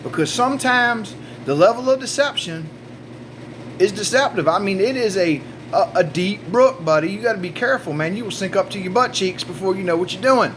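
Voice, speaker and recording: A man's voice: sits high, fairly bright tone, a little hiss or hum. A man telling a rambling, profane comic story about his own life and swearing constantly.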